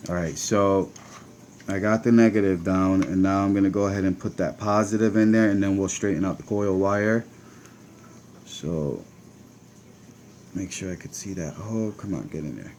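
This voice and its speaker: Man, Connecticut accent, lowish voice, chatty, talking while working, faint hiss behind. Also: normal speed, long pauses, a little mellow. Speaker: vape channel host. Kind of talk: casual hands-on demo.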